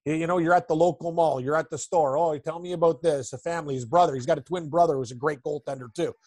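Blunt, excitable man from Toronto. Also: a little high, fast talker, no echo, clean studio sound. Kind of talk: casual sports chat.

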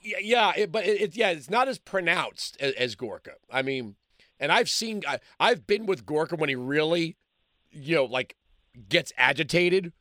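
A man's voice: on the high side, animated, normal speed, pushed and bright, no echo, clean studio sound. A man hosting a call-in radio talk show, chatting loosely with frequent restarts and fillers.

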